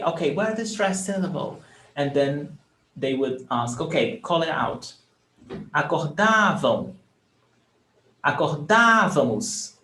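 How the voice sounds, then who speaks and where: A man teaching verbs in a live online lesson, explaining patiently and repeating examples. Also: fairly high pitch. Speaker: Portuguese teacher. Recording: echoey room, faint background noise.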